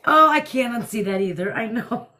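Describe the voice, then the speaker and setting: A woman's voice: on the high side, expressive, moderate pace, sharp tone. A middle-aged woman hosting a casual livestream from home at night, blunt and laughing often. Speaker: livestream host. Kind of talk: casual live chat.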